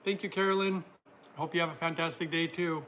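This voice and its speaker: A man hosts a relaxed livestream, reading viewer comments aloud and answering each one. His voice sits a little high and rings very bright and forward, with a faint hiss of room noise under it. He keeps the talk loose and friendly, with frequent laughter. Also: fairly quick. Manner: chatty, reads out viewer comments and laughs often. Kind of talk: casual livestream chat.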